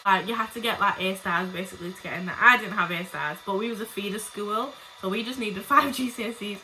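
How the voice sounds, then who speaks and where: A young woman with a bright, forceful voice tells storytime tales straight to her viewers. She swears freely and keeps up blunt, chatty asides. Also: mid-range voice, fast, a little hiss or hum, rough recording. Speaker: vlogger. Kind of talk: casual storytime monologue.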